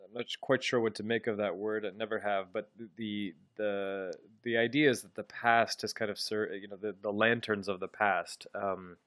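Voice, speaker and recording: Low-voiced man giving a halting literature lecture. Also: steady tone, fairly bright tone, no echo. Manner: thoughtful, halting, with frequent ums and restarts. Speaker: literature teacher.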